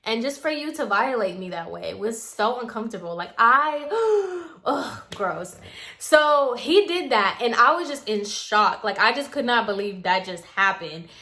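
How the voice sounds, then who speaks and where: A young adult woman telling a personal story in a chatty, expressive way, peppered with "like". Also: fairly high pitch, normal speed, hardly any pauses. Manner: chatty and expressive, heavy use of filler "like". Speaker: storytime vlogger. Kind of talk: casual storytelling.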